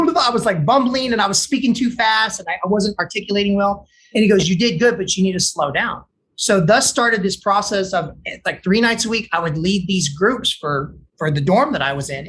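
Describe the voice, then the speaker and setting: A man from Texas, an addiction counselor, telling his recovery story in an animated way, acting out other people's lines with lots of "like" and restarts. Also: high-pitched. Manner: fillers like "like" and repeated restarts.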